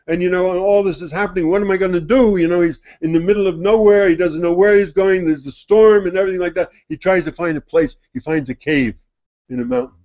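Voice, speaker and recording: A man in a religious study gathering retells a sacred story with lively, repeating phrasing. His voice sits a little high for a man. He speaks as a teacher holding the attention of listeners in the room. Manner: animated, repeats phrases for emphasis. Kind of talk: storytelling sermon.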